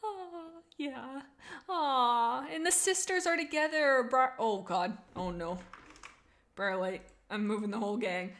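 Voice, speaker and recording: A woman's voice: medium pitch, normal speed. A young woman streaming casually, chatting with her viewers and gushing about characters she loves. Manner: gushing, excitable, reads chat aloud. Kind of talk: casual live-stream chat.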